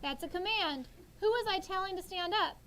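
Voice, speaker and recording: A very high voice at normal speed comes from a woman in her thirties teaching sixth grade, coaxing her students into animated call-and-response. A little hiss or hum sits under the audio.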